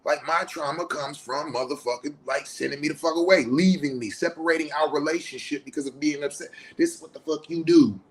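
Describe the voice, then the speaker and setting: Heated, profane high-voiced man. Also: fairly quick, hardly any pauses. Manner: swings from loud outbursts to low muttering. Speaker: host. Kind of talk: emotional confessional monologue.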